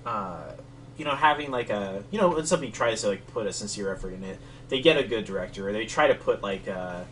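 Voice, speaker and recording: A man's voice: fairly low pitch, lively intonation, quick pace, fairly bright tone. Guy rambling through casual chat, lots of likes and ums, sounds far off the mic with faint hum behind. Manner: rambling, with many fillers. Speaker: podcast co-host. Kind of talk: casual chat between matches. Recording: distant mic with faint ambience.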